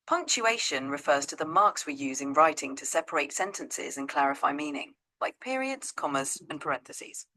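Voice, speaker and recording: An AI assistant with a woman's voice, patiently and encouragingly coaching pronunciation in a measured way. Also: sits low, animated, sharp tone, low-quality recording.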